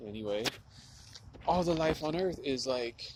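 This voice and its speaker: This vlogger speaks a little high and unhurried, his intonation lively, as he muses aloud and curses in a loose monologue thick with filler "like." Heavy background noise, including running water, muddies the clip.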